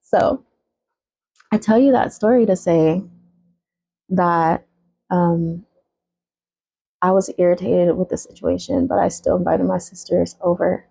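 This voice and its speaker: A woman's voice: lowish voice, flat delivery, a little slow, gravelly, pauses often, warm tone, husky, low-quality recording. A woman in her thirties telling viewers a personal story time in a blunt, casual way, swearing freely as she talks to them directly.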